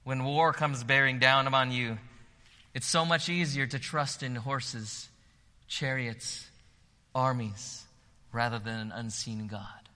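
A man preaching a sermon in a church, swinging from hushed lines to loud, emphatic repetition. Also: mid-range voice, steady tone, slow pace, big-room sound. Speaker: pastor. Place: church sanctuary.

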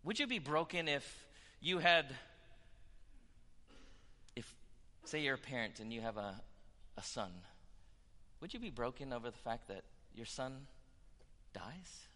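A man preaching a sermon with passion, dropping to hushed tones and rising to loud declarations. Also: medium pitch, big pitch swings, a little slow, pauses often, big-room sound. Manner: impassioned, swinging from hushed to loud.

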